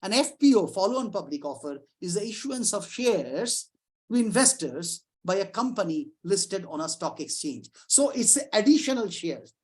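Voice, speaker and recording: Lively woman lecturing. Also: mid-range voice, normal speed. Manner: lively, conversational, frequent restarts and asides. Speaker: psychiatrist giving a talk. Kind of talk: informal lecture presentation.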